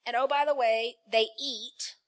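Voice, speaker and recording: Woman preacher, animated sermon delivery, fairly high voice, draws responses from the congregation. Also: unhurried. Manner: lively, calls out to the congregation.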